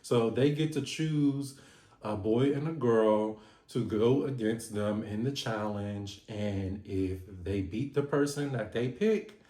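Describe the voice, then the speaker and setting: Animated gossipy man in an echoey room. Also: mid-range voice. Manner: animated gossipy storytelling, laughing often. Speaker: reality TV recap vlogger. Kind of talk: casual recap chat.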